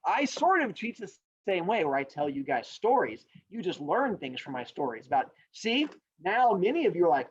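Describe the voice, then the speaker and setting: A man teaching a class, animated and joking as he talks straight to his students. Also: sits high, normal speed, few pauses, husky, dry recording. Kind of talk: recorded classroom lecture. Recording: dull lo-fi sound.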